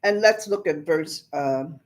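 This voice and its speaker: A woman's voice: low-pitched, takes it slowly. Plain-spoken woman teaching the Bible. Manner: plain-spoken, explains scripture in everyday words. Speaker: preacher.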